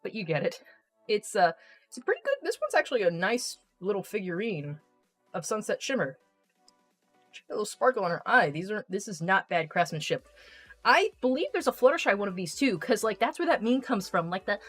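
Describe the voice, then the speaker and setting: A young adult woman streamer chatting casually and reading out viewer comments, rambling, excitable and quick to swear. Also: fairly high pitch, faint music behind. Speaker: live streamer.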